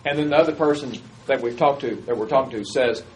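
A man's voice: medium pitch, fast talker, darkish tone, a little hiss or hum, rough recording. A man preaching a sermon in a conversational way, often putting questions to his listeners. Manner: conversational, asks the audience questions.

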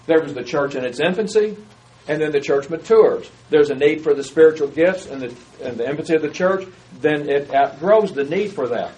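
Conversational preacher man, slightly high voice. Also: a little mellow, low-quality recording. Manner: conversational, asks the audience questions. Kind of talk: sermon.

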